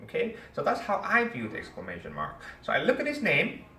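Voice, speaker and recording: Speaking briskly in a high voice, a man animatedly tells his class a story and asks them questions. The mic is far away in an echoey room, picking up faint ambience and slight background noise.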